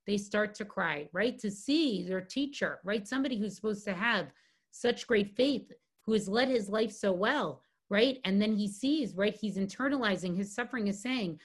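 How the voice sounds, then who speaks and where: A woman's voice: mid-range voice, expressive, normal speed, husky. Woman teaching a Talmud class. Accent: Hebrew and Aramaic phrases read with Ashkenazi pronunciation. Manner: reads Hebrew and Aramaic text, then translates it, with frequent "right?" tags. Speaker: Torah teacher giving a guest class. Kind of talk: lecture on Talmud text.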